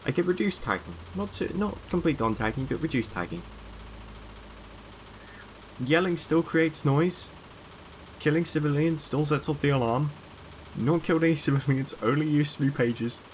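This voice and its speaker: A man giving chatty let's-play commentary, muttering to himself and breaking into excited squeals. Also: fairly high pitch, moderate pace, pauses often, slight background noise. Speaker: gameplay commentator.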